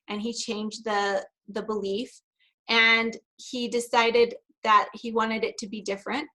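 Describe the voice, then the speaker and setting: A woman's voice: medium pitch, fairly bright tone, low-quality recording. A woman giving a virtual conference talk as a practitioner, telling a story conversationally with laughs and then reading prepared remarks. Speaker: NLP practitioner and speaker.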